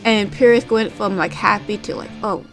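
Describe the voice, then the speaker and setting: A woman talks in a relaxed, chatty way, spilling details with plenty of filler words. She breaks into little acted-out quotes as she goes. Faint guitar music plays quietly in the background. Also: mid-range voice, moderate pace. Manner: animated recapping, acting out quotes, frequent fillers. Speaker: wrestling commentary vlogger. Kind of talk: casual chat.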